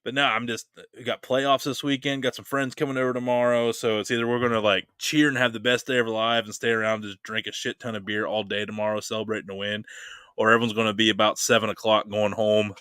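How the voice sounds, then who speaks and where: Male podcast host, bright forceful delivery, dry close sound, animated storyteller. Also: on the low side, fast, clear, resonant tone, dry recording. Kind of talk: casual chat.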